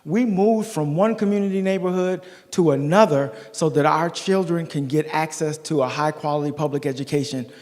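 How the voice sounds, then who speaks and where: A middle-aged man delivers a campaign speech at a community forum, leaning hard on his storytelling and calling out to the crowd. His voice sits a little high. Long reverb from the meeting hall trails every phrase. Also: moderate pace, hardly any pauses, a little mellow. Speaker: school board candidate.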